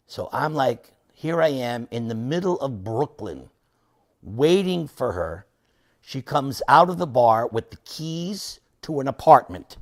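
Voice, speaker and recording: Man, 60s, unhurried lecture storyteller who shifts between loud and soft. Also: fairly high pitch. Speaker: devotee lecturer.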